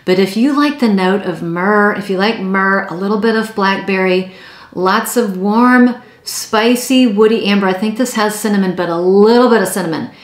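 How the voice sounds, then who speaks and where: A woman's voice: mid-range voice, normal speed, roomy sound. A woman chatting casually and enthusiastically as she reviews perfumes, with many fillers and repeated words.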